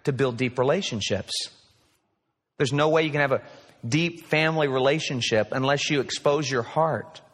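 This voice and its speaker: A man's voice: mid-range voice, moderate pace, a bit bright. A man in his forties delivers an earnest sermon full of personal stories. His voice rings with long reverb from a large hall, sounding like a replayed recording. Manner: earnest, storytelling. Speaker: pastor.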